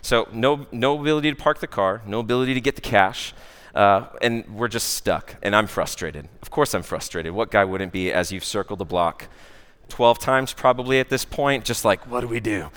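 A man with an American accent, a worship director giving a conversational sermon with a personal story, often pausing on "uh" and asking "right?". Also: fairly low pitch, a bit bright, clean tone. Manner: conversational, many "uh" fillers and "right?" asides. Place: church or worship hall. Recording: long church-hall reverb.

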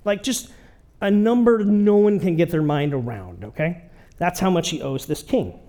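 A man's voice: sits high, lively intonation, moderate pace, mellow. A man preaching a sermon in a conversational way, often checking in with his listeners. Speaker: pastor.

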